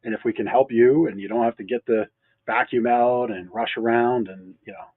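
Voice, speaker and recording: A man's voice: medium pitch, steady tone, a little fast, slightly rough, no echo. A man co-hosting a casual business chat, easygoing and joking, adding sarcastic asides. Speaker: mattress store owner co-hosting a local show. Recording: dry, phone-like narrow sound.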